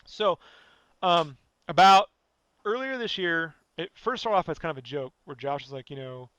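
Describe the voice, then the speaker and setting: A man with a high, bright voice rants bluntly on his own podcast, swearing freely and circling back with "you know" again and again. The sound is dry and dull, like a lo-fi home recording. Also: expressive, moderate pace, no echo. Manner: blunt, profane, rambling, fillers like "you know". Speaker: podcast host. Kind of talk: casual podcast rant.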